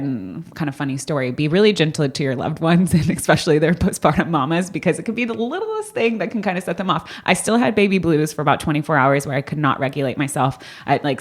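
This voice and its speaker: A young woman, a guest on a podcast, speaking in casual, animated chat and acting out what people said. Her voice sits very low for a woman. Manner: animated, laughs often, acts out quotes. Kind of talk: casual conversational storytelling.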